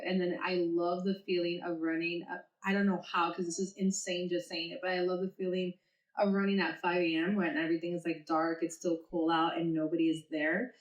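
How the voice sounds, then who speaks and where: Woman, 30s, therapist co-host; rambling, self-deprecating chat, slightly low voice, roomy echo. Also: little pitch movement, brisk. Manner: rambling, self-deprecating, laughs while talking. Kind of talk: casual podcast chat. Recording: echoey room.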